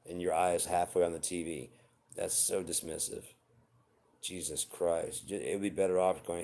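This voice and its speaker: A very low-pitched man in his forties talks straight to his viewers about relationships. He is blunt and swears freely, but his advice comes across as earnest and heartfelt. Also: fairly even intonation, normal speed, darkish tone. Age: 40s. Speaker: vlogger. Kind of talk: unscripted personal monologue.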